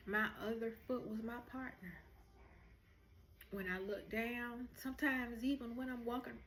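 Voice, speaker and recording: A woman's voice: fairly high pitch, fairly even intonation, unhurried, a bit bright. A woman hosts a heartfelt motivational talk to her viewers, speaking earnestly and encouragingly. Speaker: host.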